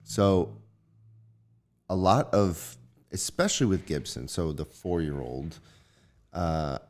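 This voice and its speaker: A man co-hosting a casual podcast chat, telling a parenting story with lively retellings of what he says to his son. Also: sits low, slow pace. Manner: animated storyteller, acts out his kid's voice. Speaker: podcast co-host.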